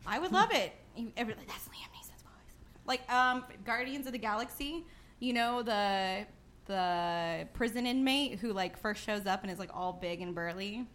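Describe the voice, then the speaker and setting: A woman co-hosting a casual chat show, bubbly and quick to laugh, acting out what people said. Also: medium pitch, a bit bright. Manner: bubbly, laughs often, acts out quotes. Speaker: podcast co-host.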